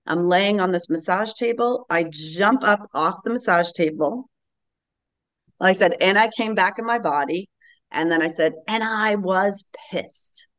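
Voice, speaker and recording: A woman in her late fifties, a podcast guest telling a personal story in an earnest, animated way. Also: mid-range voice, unhurried. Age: late 50s. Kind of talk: casual interview storytelling.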